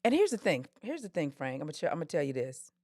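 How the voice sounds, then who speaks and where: A woman's voice: low-pitched, big pitch swings, quick pace, darkish tone, no room sound, studio quality. A woman hosting a live call-in advice podcast, talking in a sassy, direct coaching way and calling listeners honey and darling. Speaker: podcast host.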